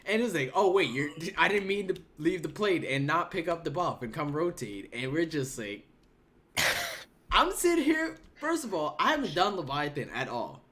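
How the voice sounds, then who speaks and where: A man's voice: on the high side, normal speed. A man hosting a casual gaming podcast, telling stories and acting out quoted lines with sudden jumps in his voice. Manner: animated storyteller, acts out quotes with voice jumps. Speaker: podcast host.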